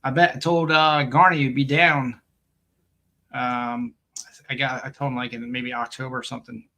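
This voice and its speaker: A man with a gravelly, bright voice hosts a live stream in a loose, rambling way. He jokes around, laughs often and reads viewer comments aloud. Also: medium pitch, flat delivery, moderate pace. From United States. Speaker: host of a live coin stream. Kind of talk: casual live-stream chat.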